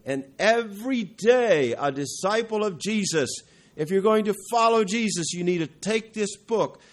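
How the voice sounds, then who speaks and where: A man's voice: lively intonation, a little slow. Man preaching, swelling and falling. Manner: rises to emphatic peaks then drops low and quiet; clears throat now and then, self-corrects. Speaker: pastor. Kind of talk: sermon.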